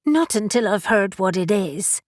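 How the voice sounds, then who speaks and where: A woman's voice: mid-range voice, animated, unhurried, no echo, studio quality, pitched above the performer's own voice, natural voice. A woman narrator voicing a young witch who is fiercely protective and easily indignant. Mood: pleading, worried. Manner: indignant, insistent.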